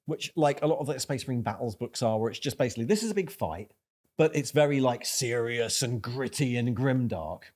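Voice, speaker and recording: Chatty man discussing books. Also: medium pitch. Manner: rambling, animated, full of restarts and quick asides. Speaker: podcast co-host. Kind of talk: casual book discussion.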